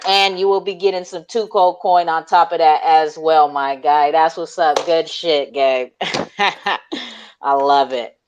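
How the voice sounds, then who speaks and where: A man's voice: a little high, clear, resonant tone, dull audio. A man hosting a live online audio call, talking in hyped, slangy casual chat, laughing often and swearing freely. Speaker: host.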